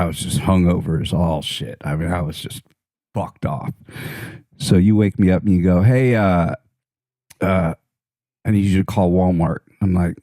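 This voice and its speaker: A man's voice: deep voice, warm tone, no echo. A man telling a rambling story in casual chat, swearing freely and laughing as he goes. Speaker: podcast guest.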